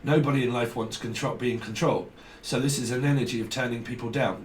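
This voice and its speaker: A man talks through a tarot spread in a blunt, casual way. He swears freely and circles back over the same phrases. His voice sits at a middle pitch and sounds off-mic in a roomy space with faint noise behind it. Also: quick pace, few pauses, distant mic. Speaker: tarot reader. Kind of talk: casual tarot reading to camera.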